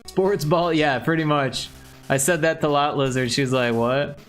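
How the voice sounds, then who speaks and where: A man's voice: on the high side, moderate pace, faint music behind. A man from the Chicago area hosting a livestream, chatting loosely and joking with plenty of swearing. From Chicago area, USA. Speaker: livestream host. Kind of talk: casual stream chat.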